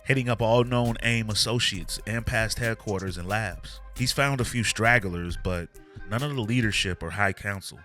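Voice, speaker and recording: A man's voice: fairly low pitch, moderate pace, pushed and bright, soft background music. A man voicing a blunt, irritable female agent with a curt, dry delivery.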